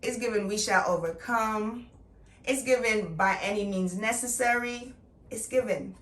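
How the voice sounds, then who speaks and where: A woman's voice: a little high, measured pace, fairly bright tone, distant mic. A middle-aged woman chatting playfully and with emphasis as she reviews a product. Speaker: beauty vlogger. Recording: echoey room, voice off-mic.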